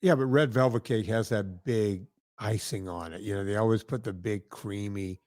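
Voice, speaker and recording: A podcast host with a fairly low, slightly mellow voice speaks at a normal pace in a clean, echo-free studio recording. He tells rambling stories in casual conversation, often checking in with tag questions like "right?".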